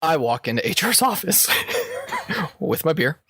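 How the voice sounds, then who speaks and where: Guy on a podcast, lively up-and-down voice, dry close sound, laughs a lot telling stories. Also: a little high, a little slow, breathy edge, no echo. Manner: animated, laughs often mid-story. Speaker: podcast co-host. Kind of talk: casual storytelling chat.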